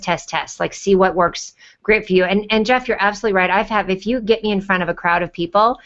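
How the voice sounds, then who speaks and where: A woman on a panel, chatty and rambling, telling animated stories over a video call. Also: lowish voice, dull audio. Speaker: panelist and YouTube show host. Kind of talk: casual panel chat.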